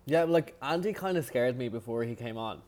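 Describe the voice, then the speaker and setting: An Irish man co-hosts a podcast in easygoing chat, with a voice of middling pitch. He teases bluntly and speaks plainly. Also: lively intonation, brisk, a little mellow. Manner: teasing, blunt, laughs often. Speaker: podcast co-host. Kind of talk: casual chat.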